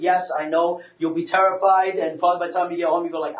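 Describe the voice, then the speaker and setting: A man gives an animated church talk in a roomy hall, heard from across the room. His voice sits fairly high, and he tells stories with many restarts. The recording is dull and lo-fi. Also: a little fast, hardly any pauses. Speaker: speaker. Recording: roomy, distant, dull lo-fi sound.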